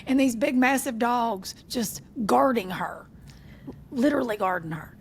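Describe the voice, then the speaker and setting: A woman, co-hosting a casual podcast chat, animated and acting out quotes with frequent laughs. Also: on the high side, a little slow, slight background noise. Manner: animated storyteller, acts out quotes, laughs often. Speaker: podcast co-host.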